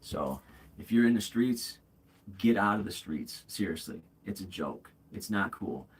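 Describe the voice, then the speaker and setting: A man's voice: low voice, lively intonation, measured pace, husky. A man in his forties hosting a livestream, talking candidly in a rambling way, with many fillers and restarts, calling viewers bro and man. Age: 40s. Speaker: livestream host. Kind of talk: casual livestream chat.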